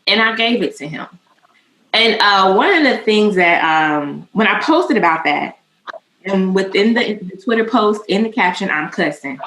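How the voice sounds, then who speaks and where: A woman's voice: mid-range voice, a little slow. Candid emotional woman in her thirties. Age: 30s. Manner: emotional, cusses freely, animated. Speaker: podcast co-host. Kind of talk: candid personal storytelling. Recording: echoey room with faint noise.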